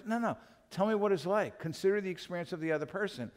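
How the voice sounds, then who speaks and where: A man preaching a sermon as pastor, animated and acting out little scenes as he teaches. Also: high voice, racing. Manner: animated, acts out quotes in other voices. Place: church. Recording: long reverb of a church hall.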